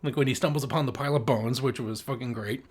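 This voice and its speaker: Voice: medium pitch, fast, husky. A podcast co-host in casual movie chat who laughs often, swears and acts out scenes.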